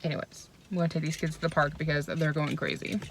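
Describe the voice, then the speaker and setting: A woman's voice: deep voice, flat delivery, fast talker, a little hiss or hum. Young woman vlogger, casual phone-recorded rant, chatty and frustrated. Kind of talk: casual vlog chat.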